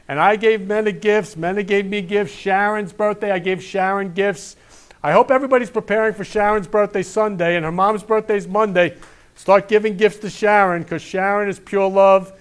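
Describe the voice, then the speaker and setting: A man's voice: high voice, fairly even intonation, moderate pace, clear, resonant tone. A middle-aged man hosting a talk show, gushing and repeating declarations of love in an effusive monologue.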